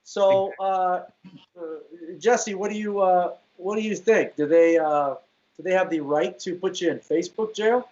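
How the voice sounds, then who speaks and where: A man hosting a comedy talk show, playful and quick to laugh, often restarting his sentences. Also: sits high, darkish tone, muffled recording. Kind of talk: casual comedic chat.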